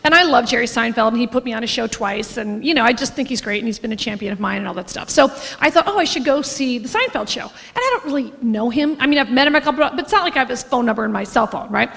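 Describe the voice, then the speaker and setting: Brash high-voiced woman comic, gravelly. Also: expressive, fast, a bit bright, in a large hall. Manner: brash, swears freely, laughs mid-story. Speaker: stand-up comedian. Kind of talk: stand-up storytelling.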